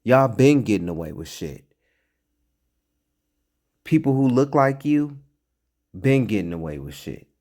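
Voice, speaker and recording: A man's voice: medium pitch, very animated, unhurried, pauses often, a little mellow. A man giving blunt, profane, mocking reaction commentary on a clip.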